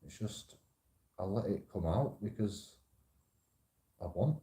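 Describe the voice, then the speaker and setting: A man's voice: on the low side, lively intonation, takes it slowly, dark tone, roomy sound. A man hosting his own channel, talking in a casual, rambling monologue that repeats phrases, restarts and swears freely. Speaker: channel host.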